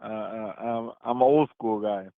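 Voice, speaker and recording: A man's voice: lowish voice, moderate pace, gravelly, no echo. Stammering man in his forties over a tinny line. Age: 40s. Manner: stammering, repeats words, laughs often. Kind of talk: casual heated debate. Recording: tinny phone-like call audio.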